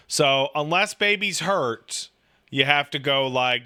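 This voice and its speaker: The voice is a man's, mid-range, clear, and resonant, with a slow pace. He rambles casually, cursing and dropping "like" constantly, and he tells his stories with animation, acting out the quotes.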